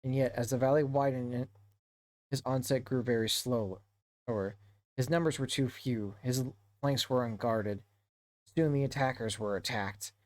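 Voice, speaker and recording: Male streamer, mid pitch, halting book reading with self-corrections, dry close sound. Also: a little mellow, no room sound. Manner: halting read-aloud with frequent self-corrections. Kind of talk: reading a novel aloud.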